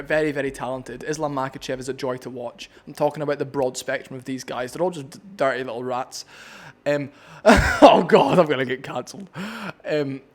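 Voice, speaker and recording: A man with a Scottish accent talks through a fight in a casual vlog breakdown. He is blunt and opinionated, swearing freely as he argues his case. His voice sits at an ordinary mid pitch. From Scotland. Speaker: MMA commentator.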